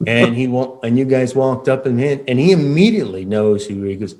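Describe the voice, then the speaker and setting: A man's voice: medium pitch, brisk, few pauses, darkish tone. Rambling male game master. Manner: rambling, many fillers and restarts. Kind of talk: narrating a tabletop game.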